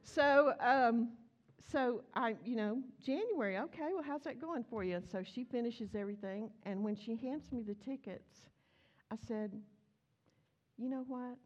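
A woman's voice: fairly high pitch, unhurried, lo-fi sound. A woman preaching a chatty, storytelling sermon in church, acting out the dialogue as she goes. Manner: animated, chatty, acts out dialogue.

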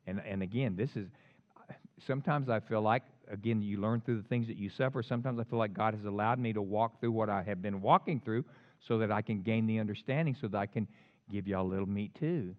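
A man preaching a sermon, swinging between loud emphatic lines and quiet asides. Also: fairly low pitch, brisk, highs cut off. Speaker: pastor.

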